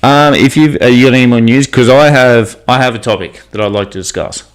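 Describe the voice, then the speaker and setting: A man's voice: mid-range voice, fairly quick, clean tone. Aussie guy on a podcast, swears every other word, gets worked up about conspiracies. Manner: swears constantly, excitable conspiracy talk. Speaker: podcast co-host. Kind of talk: casual chat.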